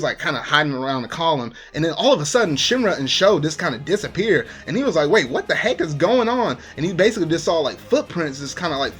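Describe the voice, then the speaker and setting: A man's voice: fairly high pitch, a bit bright. A man casually reviewing an anime episode, rambling with many fillers.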